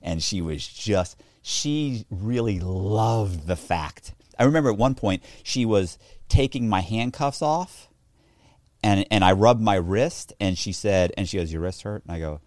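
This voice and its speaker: A man's voice: fairly low pitch, unhurried, dry recording, studio quality. A man telling a story in a casual interview, acting out the voices of the people he quotes. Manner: animated, acts out quoted voices. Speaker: interview guest.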